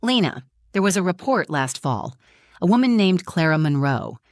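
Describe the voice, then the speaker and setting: A woman reading as a hushed, confiding doctor. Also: fairly low pitch, big pitch swings, moderate pace, no room sound, studio quality. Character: careful woman doctor, lowering her voice.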